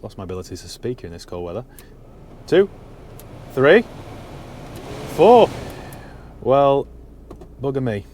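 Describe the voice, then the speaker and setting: A man's voice: medium pitch, big pitch swings, moderate pace, long pauses. A man with a mid-range voice talks casually and wryly as he looks over a used car from the driver's seat. His asides are dry and a little mocking, with faint noise in the background. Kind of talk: casual walkaround commentary. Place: inside a parked car on a cold day.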